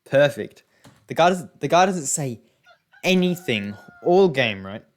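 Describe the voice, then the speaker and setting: A man's voice: on the high side, sing-song, measured pace. A young man giving casual, rambling gameplay commentary, often exasperated, with many fillers and restarts. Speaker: gaming YouTuber.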